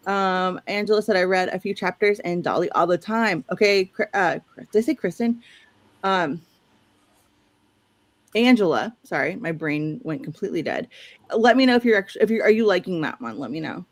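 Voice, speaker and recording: Woman, St. Louis accent, livestream host, chatty, low-pitched, dry sound. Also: expressive, normal speed, dry recording. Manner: chatty, reads viewer comments aloud. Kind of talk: casual chat.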